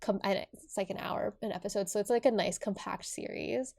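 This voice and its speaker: A young woman in her twenties chatting on a podcast. She talks in a loose, casual way, full of fillers and restarts. Her voice sits at an ordinary middle pitch for a woman. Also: steady tone, a little fast, creaky, darkish tone. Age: 20s. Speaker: podcast co-host. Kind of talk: casual chat.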